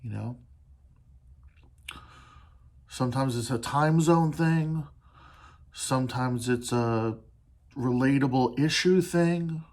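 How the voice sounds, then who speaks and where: A man hosting a solo podcast, talking in an earnest, halting way with restarts and pauses, swearing casually as he opens up. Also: mid-range voice, a little mellow. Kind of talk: candid solo podcast monologue.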